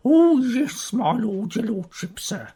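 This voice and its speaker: A woman playing a husky, flustered housekeeper. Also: on the high side, sing-song, slow, warm tone, heavily acted. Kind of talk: comedy audio play.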